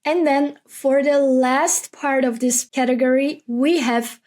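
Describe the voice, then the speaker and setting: Slow-paced woman teaching vocabulary. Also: sits high, steady tone, darkish tone. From Belgium. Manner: repeats words slowly and clearly for learners. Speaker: Dutch language teacher. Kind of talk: vocabulary lesson, slow and careful.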